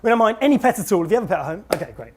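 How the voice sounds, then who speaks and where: A man's voice: sits high, sing-song, darkish tone. A young man, a comic book author, giving a playful, exaggerated live talk to an audience of children. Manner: playful and exaggerated, quick to laugh at his own jokes.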